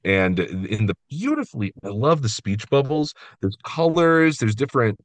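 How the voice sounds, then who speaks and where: A man's voice: mid-range voice, moderate pace, no echo. A man co-hosting a podcast, chatting with enthusiasm about a favorite children's book. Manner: enthusiastic, animated, reads book lines aloud. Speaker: podcast co-host. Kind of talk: casual chat.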